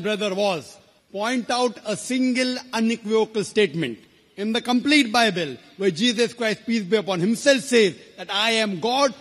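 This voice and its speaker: Firm high-voiced man in a reverberant hall. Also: fairly bright tone. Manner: firm, repeatedly addresses the asker as brother. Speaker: lecturer answering questions. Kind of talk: public debate reply.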